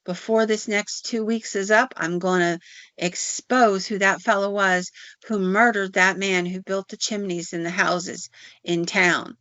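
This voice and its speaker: A woman's voice: medium pitch, steady tone, a little slow, a bit bright, no room sound, lightly acted. A woman voicing a stern old mountain witch, with a scolding, ominous manner. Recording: dull lo-fi audio.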